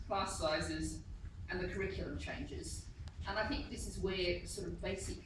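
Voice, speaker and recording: A woman speaking emphatically at a public meeting, with frequent fillers. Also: lowish voice. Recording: echoey hall, far from mic, noisy.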